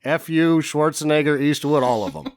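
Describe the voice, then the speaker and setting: A man's voice: on the high side, steady tone, normal speed, dry recording, clean studio sound. A man co-hosting a casual movie-riffing podcast, telling scenes animatedly and quoting characters through laughter. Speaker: podcast co-host.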